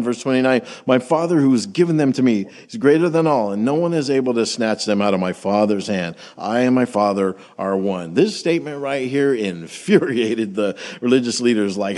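A man preaching a sermon in a relaxed, conversational way, reading scripture and asking the congregation questions. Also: medium pitch, normal speed. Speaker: pastor.

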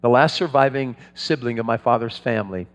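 A man preaching in a big hall, with a long tail of reverb behind him. He tells stories loosely and conversationally, often restarting his phrases. His pitch sits in an ordinary middle range. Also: brisk. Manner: storytelling, conversational with frequent restarts. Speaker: pastor. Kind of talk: sermon.

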